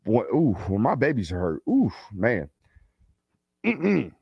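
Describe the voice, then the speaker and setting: Animated man chatting on a live stream. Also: mid-range voice, slow, gravelly, husky, dry recording, lo-fi sound. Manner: loose, animated storytelling with slang and asides. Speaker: host of a live football show. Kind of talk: casual live-stream chat.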